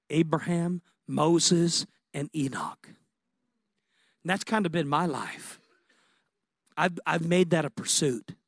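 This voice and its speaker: High-voiced impassioned male preacher. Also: no echo. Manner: impassioned, building to excited peaks. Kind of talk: sermon.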